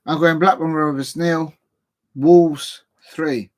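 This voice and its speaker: A man's voice: on the high side, fairly even intonation, takes it slowly, darkish tone. A man from England hosting a live football show, casually rambling through match predictions and chatting to his viewers. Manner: rambling, self-deprecating, talks to viewers.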